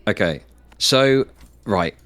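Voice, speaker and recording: A man's voice: on the low side, expressive, slow, a bit bright. A man from England with an English accent, talking as a guest in a brash, sweary, casual stream debate.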